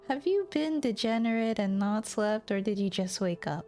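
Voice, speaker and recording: A friendly woman streamer talks casually to her chat between game lines, thanking viewers and laughing lightly. Her voice sits at a middling pitch and comes through a close desk mic. Quiet game music plays underneath. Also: moderate pace, few pauses.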